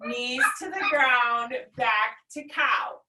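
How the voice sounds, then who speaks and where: A woman teaching a children's yoga class, giving gentle, instructive breathing cues with playful animal noises. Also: on the high side, slow pace, slight background noise. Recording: echoey room, far from mic.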